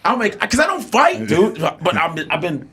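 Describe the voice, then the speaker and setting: A comedian guest telling a casual, animated story and acting out the people in it. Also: male voice, sits high, moderate pace, a crowd in the background. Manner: animated, acts out the people in his stories.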